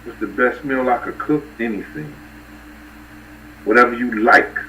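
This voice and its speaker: New guy rambling street stories on his stream, shouting out viewers, kinda far from the mic. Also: mid-range voice, a little slow, lo-fi sound, slight background noise. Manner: loose, rambling street-talk storytelling with shout-outs to viewers. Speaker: livestream host. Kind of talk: casual storytelling on a livestream.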